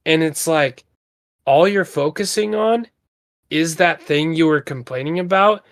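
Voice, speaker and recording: A man's voice: a little high, measured pace, fairly bright tone. Earnest rambling male podcast host. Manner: earnest, rambling, with lots of fillers. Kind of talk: casual motivational talk.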